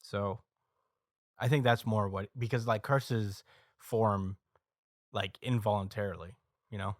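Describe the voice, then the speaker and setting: A man's voice: on the low side, fairly even intonation, a little slow, no echo, clean studio sound. A man co-hosting a podcast, casually recapping a story with plenty of ums and uhs. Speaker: podcast co-host. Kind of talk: casual chat, recapping a manga chapter.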